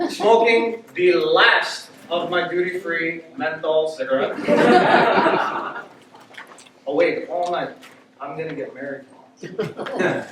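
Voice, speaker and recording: A man telling a story live on stage, animated and often laughing as he speaks. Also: on the high side. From United States. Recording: very echoey room, distant mic, faint noise.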